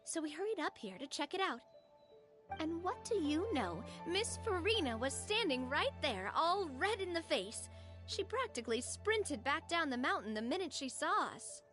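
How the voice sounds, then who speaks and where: A lively young woman speaks in a high, bright voice with a playful, teasing lilt. Her pitch swings about, and soft game music sits behind her. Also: normal speed. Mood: recounting. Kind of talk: game voice acting.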